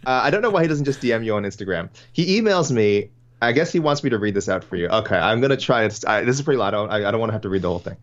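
A man's voice: on the low side, lively intonation, racing, dull audio. A man co-hosting a casual podcast, rambling, correcting himself mid-sentence and laughing easily. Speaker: podcast co-host. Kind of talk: casual podcast chat about fight matchmaking.

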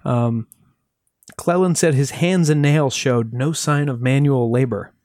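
Brief: podcast storyteller, average pitch, deadpan asides, dry studio sound. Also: no room sound. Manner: wry, dry asides with filler pauses. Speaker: podcast host. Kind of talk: casual chat, telling a true-crime case.

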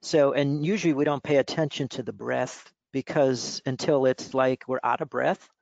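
Gravelly-voiced man coaching calm focus. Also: medium pitch, normal speed, no echo. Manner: relaxed, instructive, many "you know" fillers. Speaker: mindfulness coach and author, guest. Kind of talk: explanatory interview talk. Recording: dull lo-fi audio.

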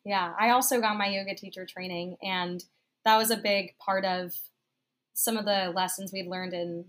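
A woman's voice: medium pitch, steady tone, normal speed, fairly bright tone. A woman hosting a podcast, asking long, curious questions in a casual way. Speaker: podcast host.

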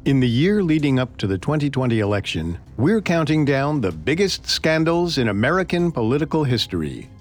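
A man's voice: medium pitch, sing-song, brisk, hardly any pauses, faint music behind. A man co-hosting a podcast, narrating a historical story in a dramatic, scripted way. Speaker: podcast co-host.

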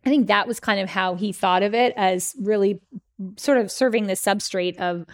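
A woman speaking as a guest in a conversational interview, telling stories with lively acted-out quotes. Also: medium pitch, moderate pace. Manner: animated storyteller, acts out quoted letters. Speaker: guest author, historian.

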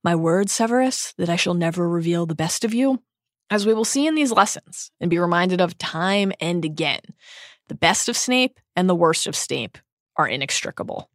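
A woman with a low-set voice co-hosts a book podcast. She reads passages aloud in a dry, close-miked sound, then moves into earnest analysis of what she has just read. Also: lively intonation, normal speed, no echo. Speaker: podcast co-host. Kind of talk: podcast discussion reading passages from a novel.

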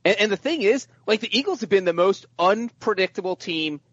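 A man with a high, light voice chatting about football on a podcast panel. He talks excitedly and trips over the first words of his sentences. The sound is dry and slightly muffled. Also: brisk, no room sound. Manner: excitable, repeats words when starting sentences. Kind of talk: casual sports chat.

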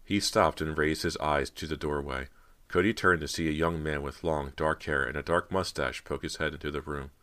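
A man narrating a horror audiobook in a steady, measured storytelling manner. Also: very deep voice.

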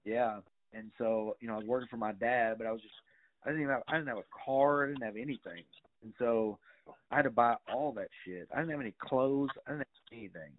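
Middle-aged man, casual storytelling, loose rambling delivery with swearing, mid-pitched voice, thin phone-like sound. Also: a little fast. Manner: rambling, with many fillers and swearing. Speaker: guest.

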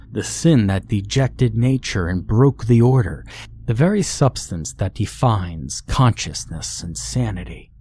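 A man's voice: lowish voice, warm tone, breathy edge. A man narrating a scripted horror story in a grave, brooding way.

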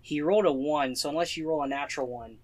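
A man running a tabletop role-playing session, narrating in a relaxed, casual way. His voice sits a little high for a man. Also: fast. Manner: casual, laid-back with swearing. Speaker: game master.

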